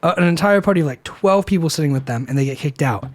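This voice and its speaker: A man's voice: a little high, quick pace. A young man co-hosting a podcast, telling a story in a casual, profane way and packing it with "like" fillers. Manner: animated, profane, filler-heavy retelling. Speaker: podcast co-host. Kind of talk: casual storytelling over beers.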